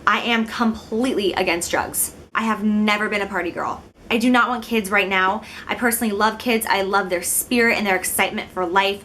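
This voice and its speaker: A woman's voice: medium pitch, a little fast, a bit bright, slight background noise. Chatty, giggly young woman vlogger. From Illinois, United States. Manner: chatty, giggly, self-deprecating. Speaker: beauty vlogger. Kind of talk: casual talk to camera.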